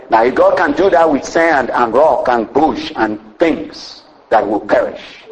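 A man's voice: a little high, poor audio. A man preaching a sermon with a rising and falling cadence, often saying "you know" between phrases.

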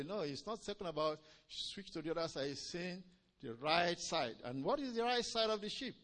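A man preaching a sermon, swinging between loud emphatic lines and low quiet ones, drawing out key words and calling "Amen?" to the congregation. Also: animated. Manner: drawn-out stresses on key phrases.

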